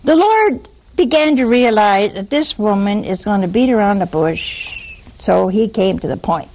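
A woman preaching a sermon, animated and throwing rhetorical questions at her listeners. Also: mid-range voice, a little slow, low-quality recording.

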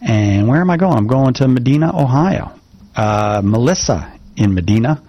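Husky male radio host, brisk and joking. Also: mid-range voice, animated, dark tone, no echo, highs cut off. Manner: brisk, self-deprecating joking. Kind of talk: call-in radio hosting.

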